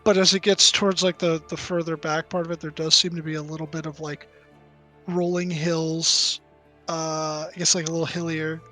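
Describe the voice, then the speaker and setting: A man narrating a tabletop game as game master, hesitant, with many fillers and throat clearing. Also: a little high, level tone, moderate pace, pushed and bright, faint music behind.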